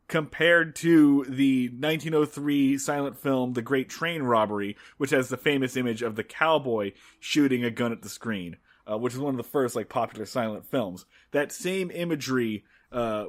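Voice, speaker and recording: A podcast co-host with a medium-pitched, fairly bright voice rambles casually through an episode recap. He leans on filler words and keeps restarting his sentences.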